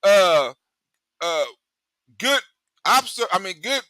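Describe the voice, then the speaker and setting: A male host giving rambling, profane political commentary in an animated way, cursing heavily. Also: sits high, takes it slowly, no room sound.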